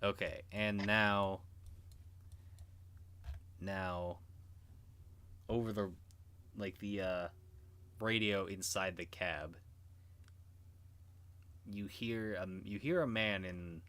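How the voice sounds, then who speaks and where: A man's voice: sits low, steady tone, very slow, long pauses, bright, forceful tone, clear, resonant tone. A man narrating as game master in an online tabletop game, hesitant and full of restarts. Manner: hesitant, many restarts and fillers.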